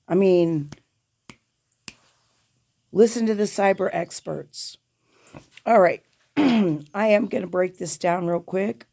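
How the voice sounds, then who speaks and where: A woman's voice: fairly low pitch, takes it slowly, creaky, long pauses, dark tone. A woman hosting her own podcast, delivering an impassioned, profane political rant with urgent emphasis. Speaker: podcast host.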